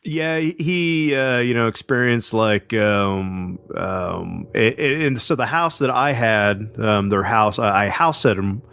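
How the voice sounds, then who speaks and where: A man's voice: fairly low pitch, slow pace, vocal fry, few pauses, a bit bright, clean tone. A man co-hosting a podcast, telling a story casually with lots of fillers and restarts. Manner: rambling, many fillers and restarts. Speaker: podcast co-host.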